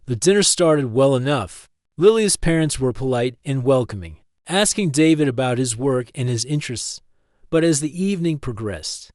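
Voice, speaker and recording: Man in steady scripted narration, dry sound. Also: medium pitch, dry recording. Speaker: story narrator.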